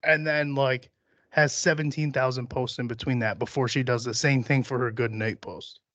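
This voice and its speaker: A man's voice: medium pitch, steady tone, moderate pace, fairly bright tone, dry recording. A young man hosting a solo podcast, rambling and joking with plenty of profanity. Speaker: podcast host.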